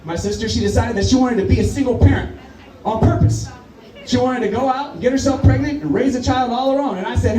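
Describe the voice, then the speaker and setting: A man's voice: quick pace, roomy sound, recorded from a distance, poor audio. A man doing a stand-up comedy set, telling a story and jumping into voices for the people in it. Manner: animated storyteller, acting out voices with big pitch jumps. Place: comedy stage.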